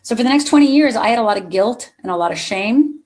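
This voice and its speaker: A woman's voice: fairly high pitch, lively intonation, fast, darkish tone. Woman giving a motivational keynote. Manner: personal storytelling, addresses the audience directly. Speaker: keynote speaker. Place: conference hall with a live audience.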